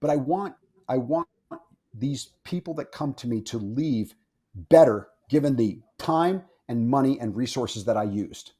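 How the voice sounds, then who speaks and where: A man's voice: medium pitch, lively intonation, a little slow, dark tone, husky. A man speaking as a guest on a podcast interview, blunt and opinionated, swearing freely and often repeating himself. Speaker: firearms instructor, guest.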